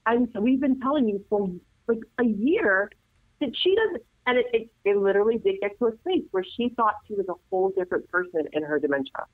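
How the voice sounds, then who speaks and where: A woman's voice: medium pitch, fairly quick, dry recording. Earnest woman on a tinny phone line. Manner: earnest, lively storyteller. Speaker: nurse and assisted living administrator, guest. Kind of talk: casual advice chat.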